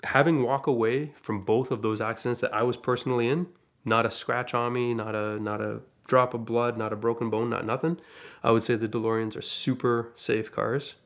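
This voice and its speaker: A man from Canada casually telling a story, animated and acting out the voices of the people in it. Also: medium pitch, normal speed. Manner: animated, acts out quoted voices. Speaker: guest storyteller.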